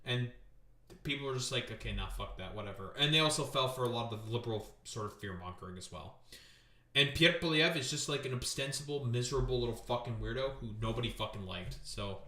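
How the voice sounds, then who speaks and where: A man's voice: medium pitch, fairly quick, pushed and bright. A man from Canada, hosting a casual political commentary stream, blunt, sarcastic and heavy on swearing. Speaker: streamer host. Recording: roomy echo.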